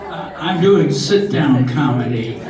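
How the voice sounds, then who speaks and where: An older man telling corny jokes at a talent show in a slow, halting way, often restarting his words. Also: on the high side, animated, muffled recording, crowd noise. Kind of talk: stand-up joke telling. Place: large hall with live audience. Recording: echoey hall from far off, audience noise.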